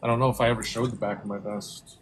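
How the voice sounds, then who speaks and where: A man's voice: fairly low pitch, flat delivery, fast talker, slight background noise. A man from Rhode Island chatting on a video call, ranting and swearing constantly in casual talk. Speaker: group chat participant.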